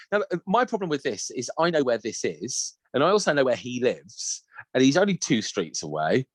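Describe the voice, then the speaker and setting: A man's voice: lowish voice, very animated, a little fast, dry recording. A man co-hosting a casual podcast chat over a video call, laughing often, swearing freely and reading listener messages aloud. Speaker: podcast co-host.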